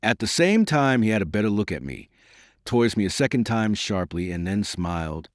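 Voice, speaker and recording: A man reading an audiobook in a measured, formal storytelling manner. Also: on the low side, sing-song, dry recording, clean studio sound. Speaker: audiobook narrator. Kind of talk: scripted audiobook narration.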